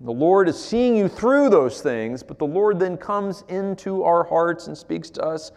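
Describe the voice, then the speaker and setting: A man preaching a sermon as pastor, swinging between loud emphasis and near-whispers. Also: fairly high pitch, very animated, unhurried, creaky. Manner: swings from loud to hushed, acts out quoted voices. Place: church sanctuary. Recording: long hall reverb.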